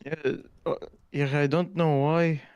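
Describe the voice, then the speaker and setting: A man's voice: fairly high pitch, little pitch movement, darkish tone. A man whose first language is Arabic, chatting with a friend over voice chat during a game, often restarting his sentences. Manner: halting, repeats words when starting sentences. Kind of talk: casual gaming chat.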